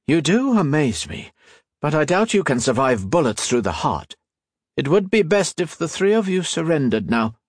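A man voicing a cold, imperious female villain in an audiobook, menacing and smoothly persuasive. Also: a little high, big pitch swings, normal speed, dry recording, studio quality, pitched above the performer's own voice. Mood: coaxing. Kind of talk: audiobook character voice.

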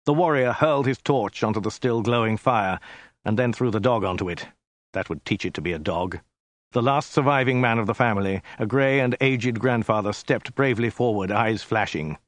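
Low-voiced deadpan male narrator. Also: normal speed, no echo. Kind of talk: scripted narration.

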